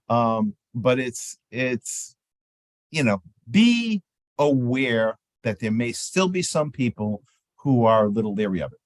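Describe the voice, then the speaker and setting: A man teaches exhibitors how to work a trade show, his pitch swooping up and down as he acts out friendly exchanges with visitors. The sound is dry and close, with no room around it. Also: dry recording. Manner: animated, acts out sample exchanges in lively voices. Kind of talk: seminar talk on trade show etiquette.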